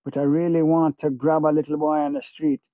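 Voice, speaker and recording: A man's voice: on the high side, level tone, fairly quick, dark tone, dry recording. Male audiobook narrator, obsessive and feverish, dry close recording. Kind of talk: first-person audiobook narration.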